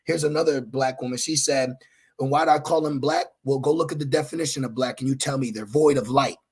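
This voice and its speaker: A man's voice: mid-range voice, fairly quick, darkish tone, breathy edge. A young adult man preaching a fiery sermon, confrontational and scornful as he reads scripture aloud. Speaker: street preacher.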